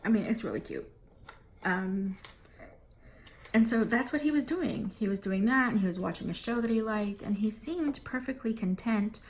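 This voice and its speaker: A woman's voice: mid-range voice, normal speed, a little mellow. A woman in her thirties or forties, telling a frustrating family story to camera in a casual, venting way and acting out what everyone said. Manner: exasperated, venting, acts out family dialogue. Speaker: vlogger.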